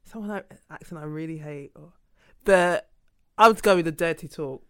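A woman's voice: sits low, normal speed, a bit bright, clear, resonant tone, no echo, clean studio sound. A woman co-hosting a casual chat, giggling and easily embarrassed.

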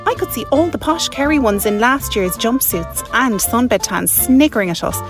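Posh snob, haughty drawl, catty, lively high voice. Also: female voice. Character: snobbish posh woman from a well-off Cork suburb. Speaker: caller.

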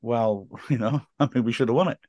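A man's voice: medium pitch, a little fast, darkish tone, no room sound, dull audio. A man as a podcast guest, a stadium announcer and teacher, chatting casually and telling stories with frequent laughs and quoted voices.

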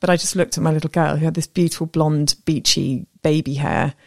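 A woman in her thirties co-hosting a podcast, telling stories in a lively, animated way and acting out voices. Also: deep voice, fairly quick, gravelly, no room sound, clean studio sound. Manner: animated storyteller, acts out voices. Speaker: podcast co-host. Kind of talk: casual chat.

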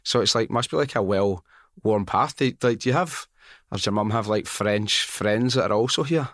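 A man's voice: on the low side, normal speed, a bit bright, no room sound. A man with a Scottish accent hosting a podcast, asking curious, rambling questions and cracking jokes in casual chat. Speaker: podcast host.

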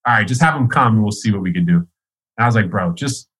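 Husky, forceful-sounding man, rambling and profane, laughs a lot while telling a story. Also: lowish voice, lively intonation, fast talker, rough recording. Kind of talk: casual storytelling.

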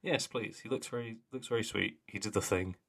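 A man's voice: on the low side, brisk, vocal fry, fairly bright tone. A young man co-hosting a podcast, chatting casually with laughs and trailing mumbles. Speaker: podcast co-host. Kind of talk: casual chat.

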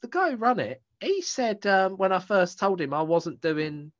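Rambling self-mocking man, lively pitch. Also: normal speed. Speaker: stand-up comedian, podcast host. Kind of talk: casual chat between comedians. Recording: dull lo-fi sound.

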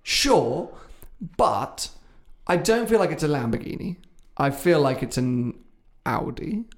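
A man with a somewhat high voice holds forth on cars in a relaxed podcast chat. He is opinionated and teases his co-host. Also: takes it slowly. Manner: opinionated, teasing. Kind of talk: casual car chat.

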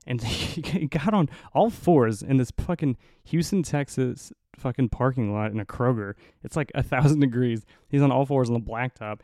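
A man's voice: medium pitch, normal speed, few pauses, warm tone, no room sound, clean studio sound. A podcast host, a man, telling a rambling, profane story in casual chat with laughing asides.

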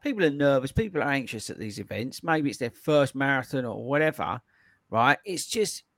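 Man, podcast host, excitable storyteller, lively pitch, dry sound. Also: fairly quick, no echo. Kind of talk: casual chat.

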